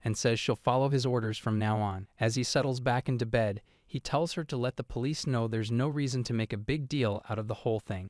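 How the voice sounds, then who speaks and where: A man giving a scripted comic story recap with a steady, casual delivery. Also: mid-range voice, dry recording, clean studio sound. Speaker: recap narrator.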